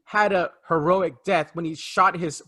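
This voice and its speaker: A man's voice: high voice, fairly even intonation, unhurried, bright, forceful tone. A man co-hosting a casual film review podcast, ranting emphatically about a movie. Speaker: podcast co-host.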